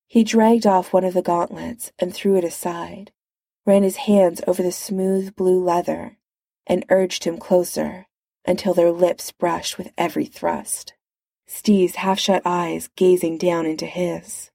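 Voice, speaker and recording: A woman reads a story aloud in a slow, even manner. Her voice is low, mellow and gravelly. The recording is close and dry. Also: no echo. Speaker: narrator. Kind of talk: reading fan fiction aloud.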